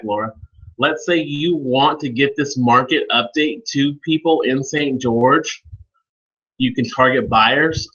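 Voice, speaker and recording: A man leading a live online training session, speaking informally and calling on attendees by name as he walks through software steps. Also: mid-range voice, slightly rough, muffled recording. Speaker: webinar trainer.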